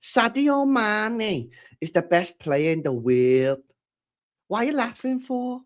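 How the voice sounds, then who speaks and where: A man doing a high, indignant pundit impression. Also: very animated, slow pace, full character voice. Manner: insistent, indignant, repeating himself.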